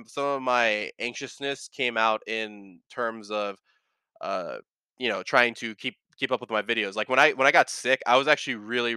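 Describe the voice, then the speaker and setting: A man's voice: mid-range voice, sharp tone, smooth, no echo. A man hosting a casual solo podcast, talking in an earnest, rambling way that often corrects itself, with a slight lisp. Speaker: podcast host.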